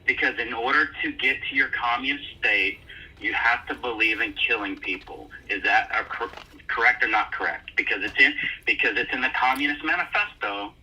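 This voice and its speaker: A man's voice: mid-range voice, normal speed, sharp tone, breathy edge, far from the mic, poor audio. A man calling into a live stream, arguing insistently and repeating his points. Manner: insistent, argumentative. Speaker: caller. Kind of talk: heated live debate.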